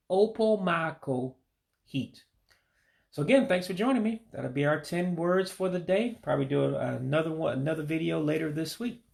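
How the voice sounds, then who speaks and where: Guy with a really gravelly voice going over vocab words, slow repeats, laid back and patient. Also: a little high, darkish tone. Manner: patient, repeats words slowly, admits stumbles. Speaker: language learner teaching vocabulary. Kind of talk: casual vocabulary lesson.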